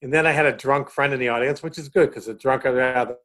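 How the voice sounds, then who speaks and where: A middle-aged man with a Boston accent, a comedian chatting as a guest and telling stage stories with lively, acted-out quotes. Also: medium pitch, fast. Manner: animated storyteller acting out quotes. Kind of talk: casual chat, storytelling.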